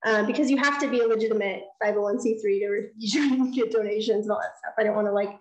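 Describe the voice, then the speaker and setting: A woman giving a design lecture, telling a story in an animated way and acting out the dialogue. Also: medium pitch, fast, roomy sound, low-quality recording. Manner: animated, acts out quoted dialogue. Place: lecture hall.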